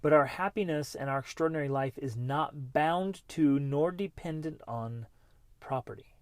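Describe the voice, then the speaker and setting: A middle-aged man hosting a motivational podcast, talking earnestly and breaking into bursts of excitement. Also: fairly high pitch, moderate pace, no echo. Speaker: podcast host.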